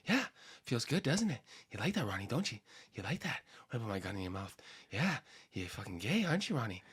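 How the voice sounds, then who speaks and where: A man's voice: medium pitch, very animated, a little fast, a bit bright, breathy edge, pitched below the performer's own voice, heavily acted. A man doing an impression of a crude, swaggering male movie star who keeps saying "bro". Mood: menacing.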